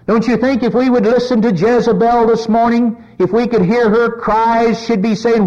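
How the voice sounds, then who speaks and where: A man preaching a sermon, his pitch rising as he voices the cries of sinners. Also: steady tone, moderate pace, few pauses, a little mellow, dull audio.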